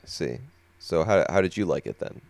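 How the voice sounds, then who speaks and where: A sleepy man co-hosting a casual podcast chat, talking things through in an unhurried, thoughtful way with plenty of fillers. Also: deep voice, expressive, creaky, a little mellow, no room sound. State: sleepy, yawning. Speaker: podcast co-host.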